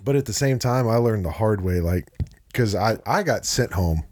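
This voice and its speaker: Low-voiced easygoing middle-aged man. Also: normal speed. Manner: easygoing, relaxed, laughs at his own stories. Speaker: podcast co-host. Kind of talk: casual chat.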